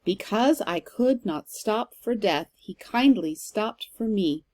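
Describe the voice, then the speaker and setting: A woman's voice: medium pitch, animated, slow, a little mellow. A woman teacher giving a recorded lecture, explaining step by step with some fillers and reading verse aloud with strong stress. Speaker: literature teacher.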